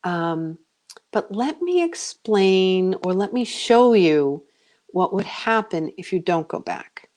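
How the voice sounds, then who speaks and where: A middle-aged woman, a psychic medium, telling a long story on a radio interview in a chatty, animated way, with many fillers, acting out her own voice from back then. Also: medium pitch, slow pace. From United States.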